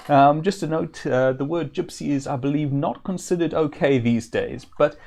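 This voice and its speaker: A man streaming a classic role-playing game, casually thinking aloud with frequent pauses and fillers. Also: fairly high pitch, vocal fry, darkish tone. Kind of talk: live-stream gameplay commentary.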